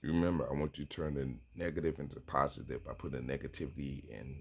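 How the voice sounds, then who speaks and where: A man's voice: rumbling low, quick pace, breathy edge. A man giving a motivational self-talk monologue, coaching himself and repeating phrases as he acts out sample lines.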